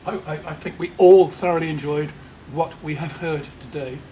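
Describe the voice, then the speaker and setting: Older man giving halting thanks. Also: a little high, fairly even intonation, warm tone, a little hiss or hum. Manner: halting, repeats words while finding them. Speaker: meeting member giving vote of thanks. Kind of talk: formal public remarks. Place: meeting room.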